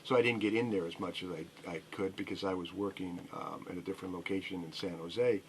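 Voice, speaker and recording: Low-voiced middle-aged man telling a long story. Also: steady tone, brisk, slight background noise. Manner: rambling storyteller, frequent fillers and restarts. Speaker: record store owner. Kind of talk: radio interview guest.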